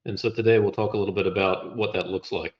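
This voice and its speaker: A man walking through slides in a relaxed conversation, explaining step by step with a wry touch. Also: fairly low pitch, quick pace, dull audio. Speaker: guest presenting slides.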